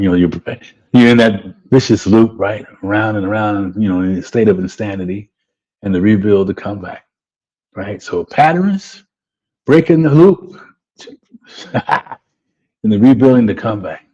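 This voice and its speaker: A man's voice: fairly low pitch, warm tone, husky. A man hosting a live webinar as a life coach, giving a motivational talk and tagging his lines with "right?" and "man.". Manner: repetitive, keeps asking "right?" and saying "man". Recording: dull lo-fi audio.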